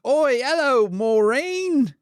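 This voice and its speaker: A man's voice: very high voice, animated, takes it slowly, in a large hall, voice pushed up, full character voice. A man doing a chirpy mock-English bloke. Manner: chirpy, exaggerated "pip pip" banter. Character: jolly cockney-ish English bloke.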